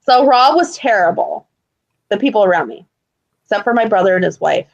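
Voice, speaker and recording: A young woman co-hosting a podcast, telling stories in an animated way with loud outbursts and lots of swearing. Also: medium pitch, a little fast, creaky, highs cut off. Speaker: podcast co-host. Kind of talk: casual chat.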